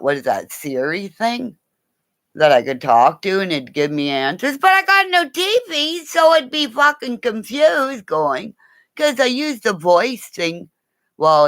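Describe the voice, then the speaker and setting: Talking to her viewers by name, a livestream host rambles and swears in a casual, animated way, her voice bouncing from high tones to low ones. The sound is studio quality, with no room sound at all.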